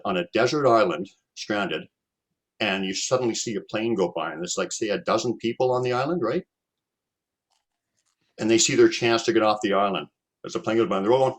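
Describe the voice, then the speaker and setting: A man's voice: mid-range voice, expressive, brisk. A Canadian man hosting a casual chat, telling a personal story in a rambling way, with repeated words and many fillers.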